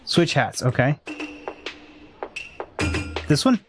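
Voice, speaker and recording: A man's voice: on the high side, sing-song, extremely slow. Chatty male let's-player, laughs easily, thinking aloud, with background music. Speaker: gameplay streamer. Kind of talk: casual let's-play commentary.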